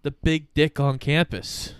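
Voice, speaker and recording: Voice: medium pitch, fairly even intonation, a little slow, clear, resonant tone. A podcast co-host chatting casually about a movie, adding dry, joking remarks. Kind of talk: casual movie recap chat.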